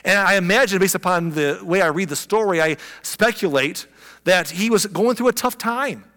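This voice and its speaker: A man preaching a sermon, telling a story with lively expression and acting out the people in it. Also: sits high, moderate pace, in a large hall. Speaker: pastor.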